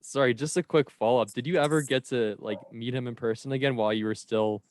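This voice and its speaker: Fast-talking male podcast host. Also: mid-range voice, darkish tone, no echo. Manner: quick, casual follow-up question. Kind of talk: interview question.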